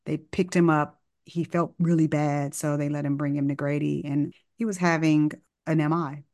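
Woman doctor, low voice, casual storyteller who slips into voices for the people in her story. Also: moderate pace. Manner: animated, acts out dialogue in the story; casual, informal wording. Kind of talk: conversational storytelling.

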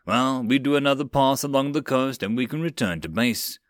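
A man's voice: medium pitch, expressive, brisk, no room sound, natural voice. A composed elf crew chief, read by a male narrator, issues short, matter-of-fact commands. The voice sits near the narrator's own and is recorded close and dry. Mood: flat. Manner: curt orders.

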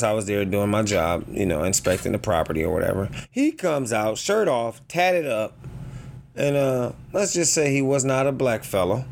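A man hosting a casual motivational podcast, talking in a joking, animated way and acting out the people in his stories. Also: medium pitch, slight background noise. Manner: joking, animated storytelling with quoted voices. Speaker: podcast host.

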